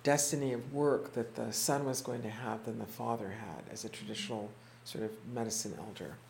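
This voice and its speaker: A teacher speaking to a small class, retelling stories in a reflective, unhurried way, acting out the quoted voices and often restarting words. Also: mid-range voice, gravelly, darkish tone, a little hiss or hum. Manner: halting restarts and repeated words. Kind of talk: storytelling talk to a small group. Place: indoor room with a small group.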